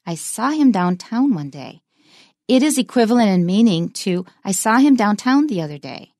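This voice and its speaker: Female English teacher, clear examples, dry close mic. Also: mid-range voice, sing-song, a little mellow, dry recording. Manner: slow, emphatic example sentences. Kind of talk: bilingual English lesson.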